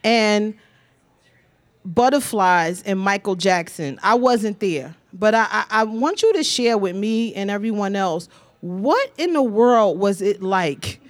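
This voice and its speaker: A woman's voice: mid-range voice, expressive, slow pace, dry recording. A woman interviewer who asks eager, playful questions in a casual chat.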